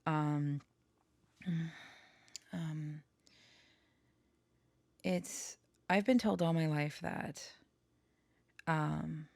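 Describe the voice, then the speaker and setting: A woman talking slowly and haltingly with many pauses, sharing personal reflections in a vlog, short on sleep. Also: low voice, steady tone, creaky, darkish tone, dry recording. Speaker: tarot reader and storyteller.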